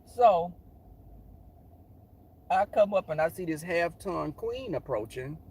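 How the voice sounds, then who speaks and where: A man's voice: slow pace, breathy edge. A middle-aged man telling a story casually and animatedly, sassy and profane. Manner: animated, sassy, profane, jumps into high voices for quotes.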